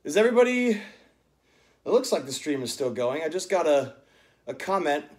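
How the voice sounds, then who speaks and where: A man with a fairly high, darkish, sing-song voice leads an at-home workout on a live stream, moving at a moderate pace as he chats and counts reps like a coach. The recording carries an echoey room sound.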